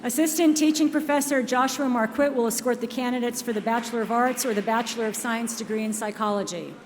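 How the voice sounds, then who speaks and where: A woman announcing names and degrees at a ceremony in a measured, formal manner. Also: on the high side, a little hiss or hum. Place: large ceremony hall. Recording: long hall reverb, faint ambience.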